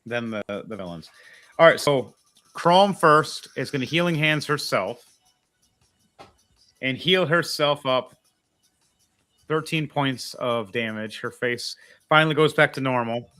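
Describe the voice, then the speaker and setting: A man's voice: mid-range voice, lively intonation, unhurried, long pauses, bright, forceful tone, clear, resonant tone. A man running a tabletop role-playing game as game master, chatty and explaining the rules as he goes.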